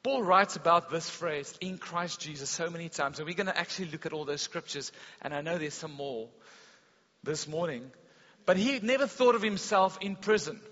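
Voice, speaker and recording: Bright-voiced male preacher in a hall. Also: a little high, moderate pace. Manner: animated storytelling preacher, swings between loud and hushed. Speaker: pastor. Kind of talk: sermon. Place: school hall service. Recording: dull long-reverb hall sound.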